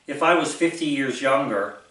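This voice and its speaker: A man's voice: mid-range voice, expressive, moderate pace, sharp tone. A man in his sixties from the United States, talking bluntly and rambling as he lectures his viewers in an unscripted monologue. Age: 60s. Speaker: vlogger. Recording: very echoey room, distant mic.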